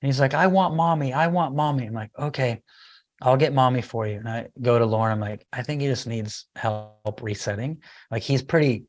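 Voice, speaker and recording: Speaking at a fairly quick clip in a medium-pitched voice, a middle-aged man guesting on a podcast interview about parenting animatedly recounts a story, performing both his own lines and his child's.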